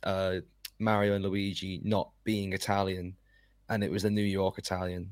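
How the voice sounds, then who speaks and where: A man co-hosting a casual podcast chat, relaxed and a little hesitant. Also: fairly low pitch, dry recording. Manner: relaxed, hesitant with fillers and restarts. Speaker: podcast co-host.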